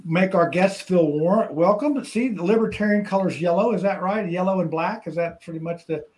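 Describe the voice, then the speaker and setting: Jokey guy hosting a chat show, kinda high voice, keeps restarting his sentences. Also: normal speed, darkish tone. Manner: rambling, self-interrupting, jokey. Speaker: talk show host. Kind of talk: casual chat.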